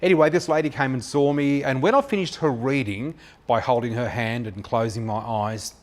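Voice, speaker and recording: An Australian man in his fifties, a psychic flower reader telling his story in a chatty, anecdotal way with many filler pauses. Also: medium pitch. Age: 50s. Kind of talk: personal storytelling monologue.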